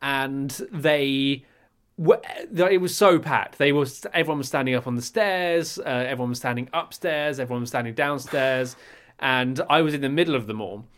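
A young English man co-hosting a podcast, telling stories in a wry, casual way with deadpan asides. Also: medium pitch, moderate pace, clean tone. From England. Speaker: podcast co-host. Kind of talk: casual chat.

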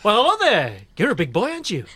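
A flirtatious woman, played by a performer, drawls through small talk on a date. Her pitch swoops widely. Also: wildly swooping pitch, fast, sharp tone, husky, exaggerated voice. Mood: flirting. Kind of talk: improvised comedy sketch.

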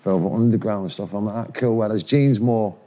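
A man's voice: on the low side, brisk, mellow. A Manchester man in his forties, a musician telling laddish, sweary anecdotes in a casual interview, laughing often. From England. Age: 40s.

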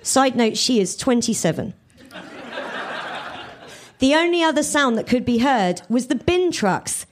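A woman comedian reads her comic story aloud, with a fairly high voice that swings up and down a lot. Her telling is giggly and full of asides. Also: very animated, a little slow, long pauses. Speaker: comedian reading her fan fiction. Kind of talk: comic story reading to a live audience.

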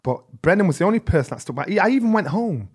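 Animated man telling a story. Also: high voice, racing, slightly rough. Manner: animated, acts out quoted speech, swears freely. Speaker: former boxer, podcast guest. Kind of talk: conversational storytelling.

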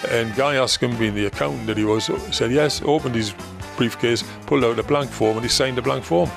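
An older man from North East England with a Geordie accent, a former football manager, appears as a guest telling long, rambling stories in a relaxed anecdotal way, full of ums and restarts. His voice is medium-pitched and brisk with vocal fry, and music plays in the background.

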